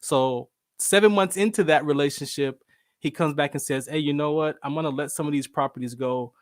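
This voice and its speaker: Man, casual storytelling, slightly high voice, acts out quotes, dry close sound. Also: brisk, no echo. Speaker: show host, veteran.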